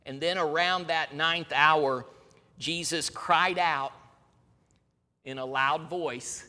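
A male pastor delivering an earnest sermon, his bright, forceful voice swinging from raised emphasis to quiet, solemn lines. He sits on the higher side for a man. A long reverb trails each phrase, as in a large sanctuary. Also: slow, long pauses.

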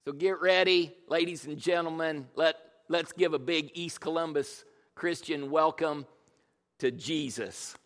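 A man's voice: on the high side, steady tone, unhurried, a bit bright. A man preaching a humorous sermon as pastor, telling jokey self-deprecating stories. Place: church. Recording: long reverb of a large church hall.

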